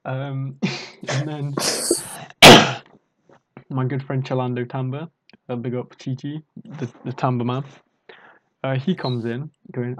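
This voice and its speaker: A man's voice: medium pitch, flat delivery, unhurried, long pauses, sharp tone, muffled recording, a little hiss or hum. A young British man casually telling a rambling, self-mocking party story. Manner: rambling, self-mocking, acts out drunk quotes.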